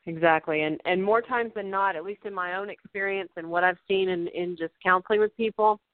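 A woman's voice: fairly low pitch, fairly quick, no room sound. A woman hosting a conversational discussion, affirming and agreeing as she talks. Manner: affirming, with frequent agreeing interjections. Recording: dry, tinny phone-like line.

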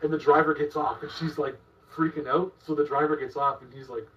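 A man's voice: a little high, steady tone, fairly quick, a bit bright. A man in casual podcast chat, telling anecdotes in a matter-of-fact way. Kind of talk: casual storytelling. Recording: distant, dull-sounding podcast audio.

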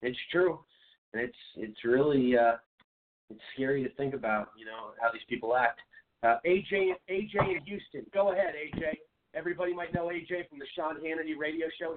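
Brisk male radio host, a bit high-pitched, thin phone-like sound. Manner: brisk, friendly, introduces callers. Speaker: radio talk show host. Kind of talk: talk radio hosting. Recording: tinny phone-quality sound.

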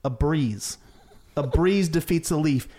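A man co-hosting a comedy sports podcast, delivering a mock-serious, deadpan roast and laughing at his own jokes. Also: a little high, slow. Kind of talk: comic rant on a podcast.

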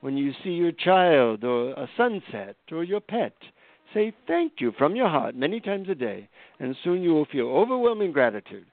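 A calm, wise old guru speaks in a raised, unhurried voice , put on by a man telling a story. Every word sounds like a lesson. The sound is narrow and tinny, as if heard over a phone line. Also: on the high side, dry recording, pitched above the performer's own voice. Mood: solemn.

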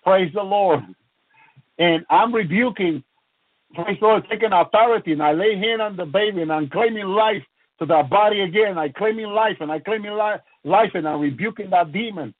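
A man's voice: high voice, normal speed, no echo. A man minister giving a fervent preaching testimony, breaking off often to praise God, with frequent restarts. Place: lives in the United States. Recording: thin phone-line radio broadcast sound.

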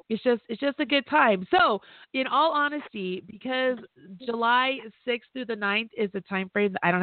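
A woman hosting a podcast in casual chat, bubbly and quick to laugh. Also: medium pitch, no echo. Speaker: podcast host. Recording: tinny phone line, dry.

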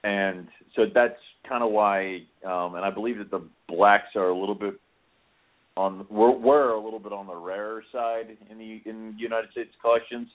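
A man's voice: fairly low pitch, steady tone, moderate pace. A man co-hosting a podcast in casual chat, rambling and self-deprecating, with casual swearing. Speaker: podcast co-host. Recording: tinny phone-like audio.

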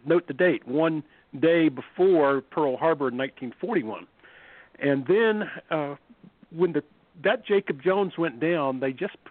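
A man with a cold, hoarse and scratchy, speaking as a guest author in a radio phone interview, often halting and repeating words as he explains. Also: on the high side, no room sound. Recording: tinny phone line.

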